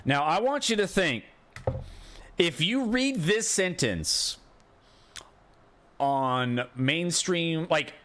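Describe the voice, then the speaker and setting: Ranting streamer man, lively pitch. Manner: frustrated ranting, rhetorical questions, swearing. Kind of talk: casual live-stream commentary.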